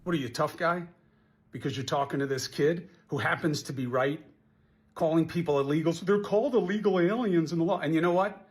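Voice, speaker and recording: A man's voice: a little high, brisk. A man delivering preachy, scolding on-air commentary as a TV news commentator.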